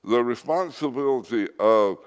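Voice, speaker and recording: A man's voice: mid-range voice, animated, normal speed, clear, resonant tone. Man preaching in a reverberant hall. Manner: earnest, emphatic teaching with scripture readings. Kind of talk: sermon. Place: church hall.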